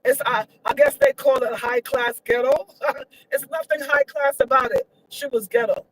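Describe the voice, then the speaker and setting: A woman's voice: high voice, steady tone, normal speed, a bit bright, rough recording. A woman giving her opinions in a casual vlog, emphatic and repetitive, her voice leaping up when she gets indignant. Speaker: vlogger.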